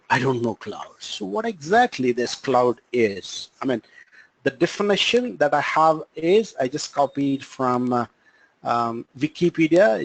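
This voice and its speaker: A man with an Indian English accent teaching a live online class on cloud computing, halting and full of fillers. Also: fairly high pitch, rough recording. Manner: halting, frequent fillers and restarts. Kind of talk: live online training lecture.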